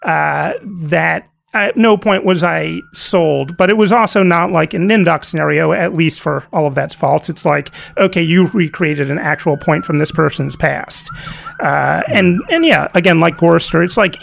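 A man's voice: a little high, lively intonation, normal speed, creaky, fairly bright tone. A man co-hosting a podcast, chatting casually and rambling as he searches for words. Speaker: podcast co-host. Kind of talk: casual chat.

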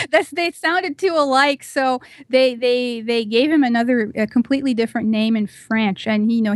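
Woman, podcast guest, high-ish voice, dry close sound, casual animated chat, "you know" fillers. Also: dry recording.

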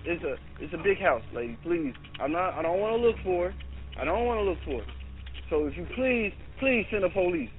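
A man's voice: sits high, expressive, brisk. A man on a 911 call, urgently and insistently demanding police and growing exasperated. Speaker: 911 caller. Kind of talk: emergency phone call. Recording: tinny phone line with faint hiss.

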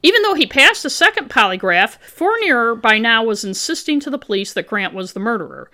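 A woman in her fifties with a bright, forceful, fairly high voice walks through a true-crime case. She reads her notes, then breaks off for wry, blunt asides that mock the police work. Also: sing-song, a little fast. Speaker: podcast co-host. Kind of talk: reading a true-crime case aloud with commentary.

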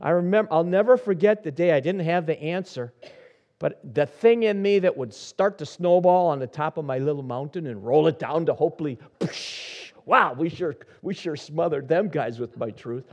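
A middle-aged man preaching a sermon as senior pastor, telling stories with soft asides that build to emphatic points. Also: a little high, moderate pace. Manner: storytelling, shifting from soft asides to rising emphasis.

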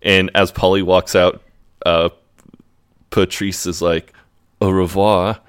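An American man with a very low voice, casually recapping a sitcom episode on a podcast. He talks in a loose, relaxed way, full of fillers and little laughs. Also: slow pace, smooth. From United States. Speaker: podcast co-host. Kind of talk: casual chat recapping a show.

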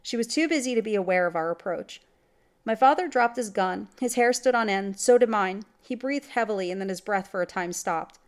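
A woman's voice: mid-range voice, a little fast, clear, resonant tone. A woman reading a classic gothic horror story aloud in scripted narration, with dramatic delivery. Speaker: story reader.

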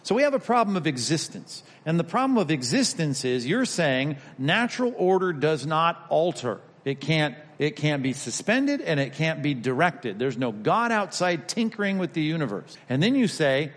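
A middle-aged man lectures with a somewhat raised pitch, pressing his points emphatically and stumbling into quick restarts. His voice rings out with a long hall reverb around it. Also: very animated. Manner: emphatic, repeats and restarts words. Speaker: teacher of apologetics. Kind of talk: conversational lecture.

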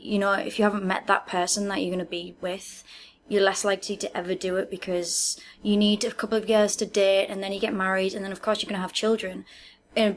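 A woman's voice: medium pitch, slight background noise. A woman co-hosting a casual podcast chat, talking in a friendly, hedging way with many restarts. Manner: hedging, chatty, lots of "I think" and "I feel like". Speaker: podcast co-host. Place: living in China.

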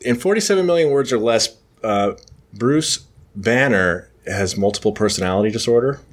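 A man's voice: medium pitch, lively intonation, moderate pace. A man hosting a podcast, casually recapping a comic book story in a rambling way, full of fillers and self-corrections. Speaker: podcast host.

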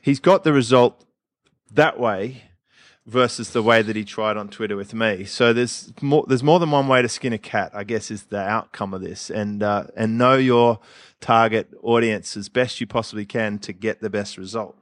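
A man co-hosting a podcast in casual, blunt chat, laughing often and trailing off into quiet asides. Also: fairly low pitch, moderate pace, dry recording, studio quality. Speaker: podcast co-host.

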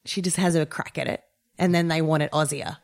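A woman's voice: low-pitched, fairly even intonation, a little fast, creaky, no echo. A woman co-hosting a podcast, chatting with playful enthusiasm. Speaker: podcast co-host. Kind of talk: casual podcast chat.

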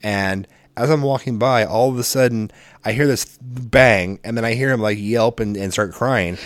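A man co-hosting a casual podcast, telling parenting stories with lots of swearing and loud bursts when he quotes himself. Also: mid-range voice, normal speed, no echo. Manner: profane, animated storytelling. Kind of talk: casual chat.

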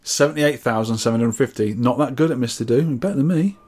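A man's voice: mid-range voice, quick pace, a little mellow, breathy edge. Chatty man reading out listener scores. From England. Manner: chatty, reads out scores and comments with wry asides. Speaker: podcast co-host. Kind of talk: casual podcast chat reading listener scores.

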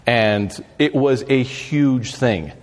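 A man telling a story as a podcast guest, animated and laughing, acting out shouted quotes. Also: medium pitch, slow, in a large hall. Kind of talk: casual storytelling.

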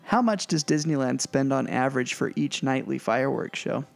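A man's voice: mid-range voice, lively intonation, moderate pace, gravelly, faint music behind. A man co-hosting a casual podcast, chatty and self-deprecating. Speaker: podcast co-host. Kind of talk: casual chat.

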